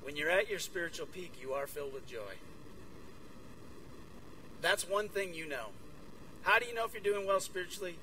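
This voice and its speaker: Bright-voiced energetic man preaching. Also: high-pitched, moderate pace, long pauses, distant mic, slight background noise, rough recording. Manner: energetic, acts out dialogue. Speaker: guest speaker. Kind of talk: sermon. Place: conference room with audience.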